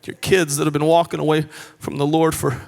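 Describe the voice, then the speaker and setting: Pastor, man, high-pitched voice, preaches a sermon with emphasis and casual asides. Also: level tone, fairly quick, gravelly, big-room sound. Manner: emphatic, swings between hushed and raised delivery; conversational asides and restarts.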